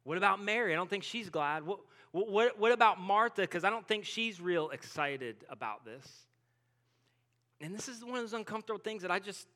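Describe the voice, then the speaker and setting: High, bright-voiced pastor preaching casually. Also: male voice, fairly quick. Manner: casual, animated storytelling with frequent "like"; acts out biblical characters in everyday speech. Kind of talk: sermon.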